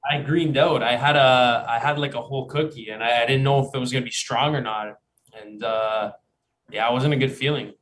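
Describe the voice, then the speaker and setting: A man's voice: mid-range voice, fairly even intonation, a little fast, a bit bright. A man from a band, a guest on a casual interview, telling a sheepish story in a laid-back way.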